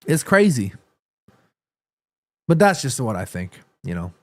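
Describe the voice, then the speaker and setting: A man, raised in New York and born in South Korea, hosting a casual football live stream. He is tired and under the weather, rambling and repeating words as he gives animated opinions. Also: medium pitch, a little slow. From born in South Korea, raised in New York City. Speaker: livestream host.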